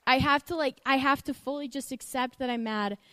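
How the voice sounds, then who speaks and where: A young woman giving a candid, emotional personal testimony, halting at times as she speaks to a group. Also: high-pitched, pushed and bright, no echo, long reverb tail. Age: young adult. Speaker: student speaker.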